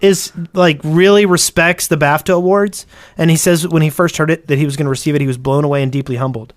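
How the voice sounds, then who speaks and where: A man's voice: on the high side, steady tone, fast talker. A man co-hosting a casual podcast, reading out news items, laughing often and tripping over repeated words.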